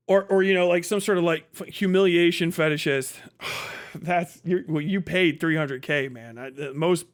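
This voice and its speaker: A man streaming casual commentary, swearing often and retelling a debate with quick quoted voices. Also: sits high, a bit bright.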